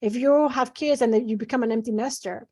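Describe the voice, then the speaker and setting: A woman's voice: fairly high pitch, a little fast, mellow, breathy edge. A middle-aged woman, a physician guest, speaking earnestly and animatedly in a conversational interview.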